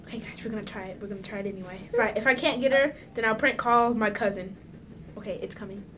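A woman's voice: medium pitch, fast, fairly bright tone, a little hiss or hum. A woman chatting casually in a home vlog, giggly and nervous, talking straight to her viewers. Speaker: vlogger. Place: at home indoors.

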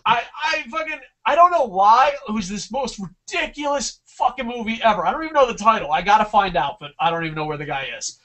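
A man's voice: high voice, expressive, fast talker, few pauses, bright, forceful tone, far from the mic. A young man from New Jersey co-hosting a casual podcast, telling long profane stories in a rambling way. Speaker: podcast co-host.

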